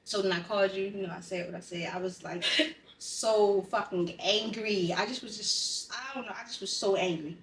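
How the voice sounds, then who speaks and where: A woman's voice: mid-range voice, moderate pace, a little hiss or hum. A woman on a podcast, telling a painful story in a blunt, profane, emotionally raw way. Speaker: podcast co-host. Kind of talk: candid personal conversation. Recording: roomy sound, distant from the mic.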